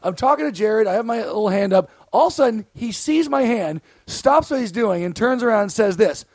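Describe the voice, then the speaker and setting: A man with a strikingly high, gravelly voice spins a story in casual podcast chat. He is animated and profane and breaks into laughs as he talks. The sound is dry and close. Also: moderate pace, no echo.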